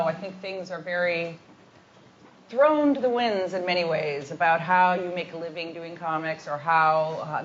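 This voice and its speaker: A woman's voice: lowish voice, lo-fi sound. A woman moderating a panel discussion, introducing guests in a rambling way with many restarts.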